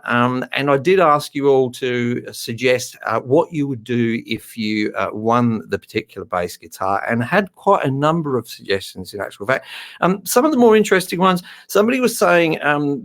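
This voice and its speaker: A middle-aged man hosts a live stream in casual chat. He rambles warmly along with plenty of ums and uhs and sounds a touch nervous. His pitch sits in an ordinary middle range. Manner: chatty, slightly nervous, many fillers.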